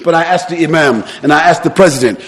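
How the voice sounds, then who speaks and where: A male preacher giving an impassioned sermon in a mosque, firing off rhetorical questions and shouting for emphasis. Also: fairly high pitch, quick pace, big-room sound. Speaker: Islamic preacher.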